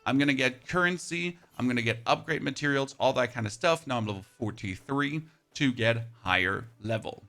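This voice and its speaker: A man's voice: medium pitch, bright, forceful tone. A man with a German accent giving enthusiastic commentary over his gameplay footage. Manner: enthusiastic, rapid play-by-play calls. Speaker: gaming youtuber.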